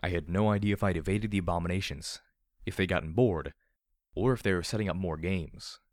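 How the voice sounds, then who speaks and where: A man narrating first-person fiction as an audiobook, in a measured storytelling delivery. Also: deep voice, no echo, clean studio sound.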